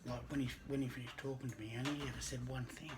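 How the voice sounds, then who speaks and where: A man who works as a registered nurse, telling a personal story in an earnest, halting way that often drops to a hushed near-whisper. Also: medium pitch, steady tone, noisy background. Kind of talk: personal story told to camera.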